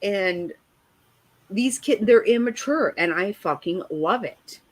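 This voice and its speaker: A woman's voice: mid-range voice, lively intonation, takes it slowly. An older woman and grandmother in casual chat, telling frank stories with plenty of swearing. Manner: frank, profane storytelling.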